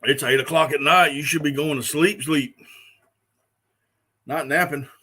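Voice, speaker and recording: A middle-aged man hosts a casual live stream, talking in a relaxed, rambling way with many fillers. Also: fairly high pitch, a little slow, husky. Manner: laid-back, rambling, with fillers and restarts.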